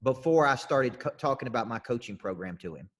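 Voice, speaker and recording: A man's voice: medium pitch, expressive, quick pace. A man hosting a sales panel as coach, talking loosely and steering the questions. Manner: loose, talkative, runs the questions. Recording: husky voice with long reverb.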